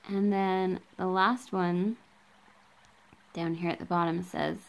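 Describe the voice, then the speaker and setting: Slow, gravelly-voiced woman reading aloud. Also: lowish voice, fairly even intonation, low-quality recording. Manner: reads quoted passages, marking quote and end quote; casual, with frequent ums. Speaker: book vlogger. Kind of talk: reading a book aloud with casual asides. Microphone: handheld camera.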